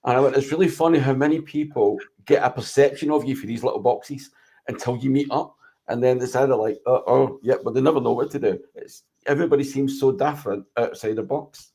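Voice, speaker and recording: Mellow, husky coach. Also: male voice, medium pitch, fairly even intonation, fast. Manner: earnest, explanatory. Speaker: mindset and leadership coach. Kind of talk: casual podcast chat.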